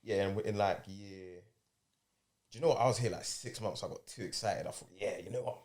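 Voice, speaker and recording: A young man, telling an animated anecdote in a casual podcast chat. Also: fairly low pitch, a little fast.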